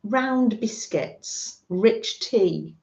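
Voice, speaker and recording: A woman's voice: medium pitch, lively intonation, extremely slow, gravelly, a little mellow. A middle-aged woman from the UK hosting a craft livestream, gushing and chatting with her viewers. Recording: roomy, dull lo-fi home stream audio.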